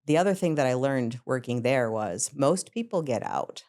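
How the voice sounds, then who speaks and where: A middle-aged woman with a very low, deep voice speaks as a psychotherapist guest on a podcast. She tells stories from her working life in a lively way, acting out the scenes and laughing along the way. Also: normal speed. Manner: lively storyteller, acts out scenes, laughs often. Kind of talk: podcast interview storytelling.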